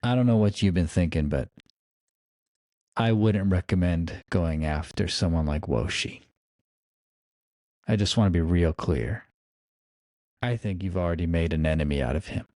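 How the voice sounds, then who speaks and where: A man's voice: low voice, normal speed, pauses often, dark tone, no room sound, clean studio sound, voice pushed down, close to an everyday voice. A man playing a weary, cigar-smoking noir detective who gives blunt, cautionary advice in a tabletop game. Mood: wary.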